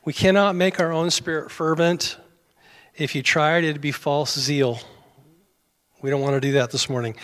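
Folksy preacher in an echoing church. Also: male voice, a little high, fairly even intonation, normal speed, fairly bright tone. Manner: folksy, conversational, self-deprecating humor. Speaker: pastor. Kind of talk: sermon. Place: church sanctuary. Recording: long hall reverb.

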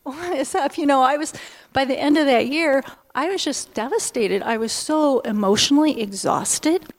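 A woman's voice: high voice, moderate pace. Heartfelt woman in her fifties sharing testimony. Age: 50s. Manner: candid and heartfelt, conversational with frequent "um"s. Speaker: speaker giving a personal testimony. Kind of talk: personal testimony at a church gathering.

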